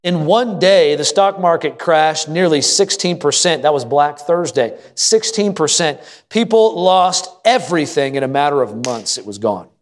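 A man's voice: a little high, lively intonation, normal speed, few pauses. A middle-aged man preaching a sermon as pastor, telling folksy family stories and asking the congregation questions. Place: church sanctuary. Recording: long hall reverb.

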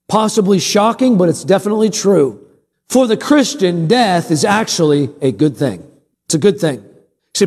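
A man's voice: a little high, brisk, darkish tone. A middle-aged pastor with a raised, ringing voice preaches from the pulpit. His lines build through emphatic repetition, then loosen into chatty family asides. A long church reverb trails every phrase. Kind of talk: sermon. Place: church sanctuary.

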